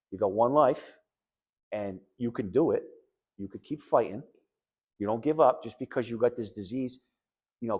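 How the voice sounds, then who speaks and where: In a lowish voice on dull-sounding audio, a middle-aged man with a New England accent shares his story as a patient with an audience. He's candid, blunt and emphatic in a conversational way, voicing others' quotes animatedly.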